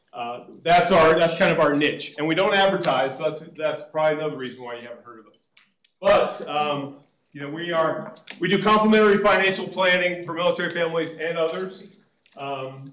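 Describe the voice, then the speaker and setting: A man in his fifties gives a casual, joking seminar talk to a room full of people. His voice sits somewhat high for a man. The room is echoey and reverberant around him. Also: a bit bright. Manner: chatty, joking, self-deprecating. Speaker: financial advisor presenter. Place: meeting room with audience. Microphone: room mic or no mic.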